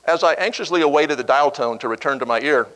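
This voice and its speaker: Man telling a lively anecdote on stage. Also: a little high, quick pace, low-quality recording. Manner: animated storyteller, acting out quoted voices. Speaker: keynote speaker. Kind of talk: storytelling speech.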